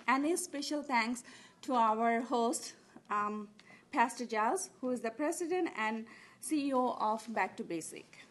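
A woman introducing speakers at a community event, a little hesitant as she reads. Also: fairly high pitch. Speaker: event coordinator, presenter.

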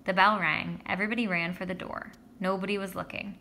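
Woman reading a kids' story aloud, bright voice, lively, faint hum behind. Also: medium pitch, fairly quick, creaky, few pauses. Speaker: audiobook reader. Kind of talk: first-person storybook narration.

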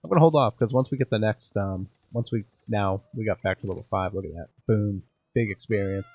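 Gravelly, husky gaming commentator. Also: male voice, fairly low pitch, brisk, dry recording, lo-fi sound. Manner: casual, self-deprecating, thinking aloud. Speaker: gaming channel host. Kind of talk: let's play commentary.

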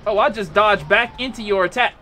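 A young man commentating his own gameplay, trash-talking a boss with loud yelps and exclamations. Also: high voice, fairly quick, slight background noise. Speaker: gamer playing a boss fight.

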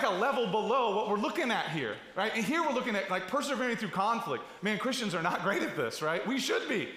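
A middle-aged man preaches a sermon in a high, bright, forceful voice. He talks in a loose, conversational way, full of asides, restarts and rhetorical questions. The recording is roomy, with the long echo of a large church hall. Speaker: pastor.

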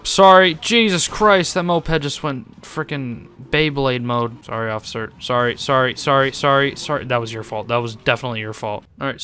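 A young man talking excitedly over his gameplay, joking sarcastically, swearing and laughing often. His voice is bright and forceful, with a crisp, clean tone. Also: mid-range voice. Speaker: gaming YouTuber. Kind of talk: gaming commentary.

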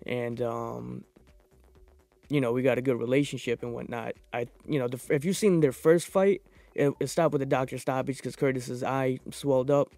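A young man hosting a podcast, reviewing fights in a profane, rambling, excitable casual monologue. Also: mid-range voice, moderate pace, gravelly, no echo, soft background music. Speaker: podcast host.

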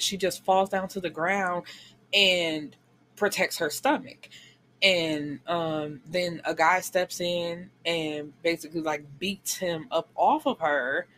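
A woman's voice: fairly low pitch, a bit bright, slight background noise. Chatty woman retelling a story. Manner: chatty, acts out the characters' lines, many fillers. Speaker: book reviewer. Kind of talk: casual plot retelling.

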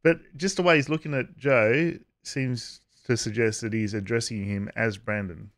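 A man giving casual vlog commentary, halting with frequent uhs and restarts and chuckling as he talks. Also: medium pitch, fairly even intonation, a bit bright. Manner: chuckles while talking. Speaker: YouTube commentator.

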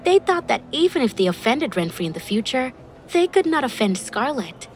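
A woman's voice: high-pitched, big pitch swings, moderate pace, a little hiss or hum. A woman reading a dramatic story as narrator. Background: faint background music.

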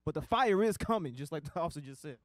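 A man's voice: a little high, animated, quick pace, no echo. A man speaking up during a sermon, earnest and exhortative toward the congregation. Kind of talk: impassioned sermon remarks.

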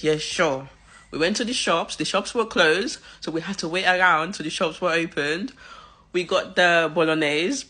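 Emotional mother with a bright voice. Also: on the low side, breathy edge. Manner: tearful, gushing, rambling storytelling. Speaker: mother vlogging. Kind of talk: emotional personal vlog.

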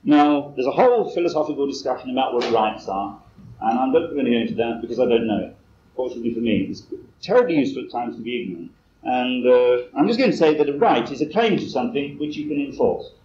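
A man's voice: mid-range voice, expressive, fast, mellow. A man giving a lecture at a conference, talking in a wry, digressive way with self-deprecating asides. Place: lecture hall. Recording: roomy, muffled cassette recording with faint hiss.

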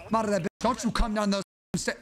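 A man's voice: high voice, fairly even intonation, fast. A young man streaming a shooter game, trash-talking opponents in brash, profane live commentary. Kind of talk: casual live-stream commentary while gaming. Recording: game noise under voice.

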